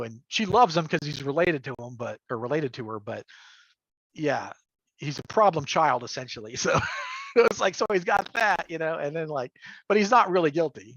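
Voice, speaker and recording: This is a middle-aged man chatting casually on a livestream, pitched a little high. He rambles, restarts, and laughs often. The audio is dull and lo-fi, with a dry, close sound. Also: fairly bright tone, no room sound. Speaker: guest, game master and crafter.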